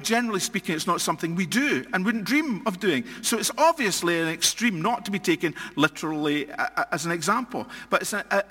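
A Scottish man preaching in a reverberant church hall, his voice bright and forceful and set a little higher than most men's. He preaches with earnest emphasis, doubling back on words and lifting his pitch to drive points home. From Scotland. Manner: earnest, repeats and restarts phrases, rises for emphasis. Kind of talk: sermon.

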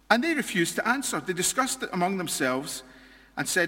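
A Scottish man preaching in a reverberant church hall, his voice bright and forceful and set a little higher than most men's. He preaches with earnest emphasis, doubling back on words and lifting his pitch to drive points home. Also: expressive, fairly quick, breathy edge. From Scotland. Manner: earnest, repeats and restarts phrases, rises for emphasis. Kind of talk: sermon.

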